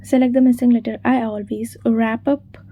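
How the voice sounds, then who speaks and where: An exam revision narrator reads quiz questions and answers aloud, spelling words out letter by letter. Her voice is a little high and dark-toned, with little pitch movement, at normal speed.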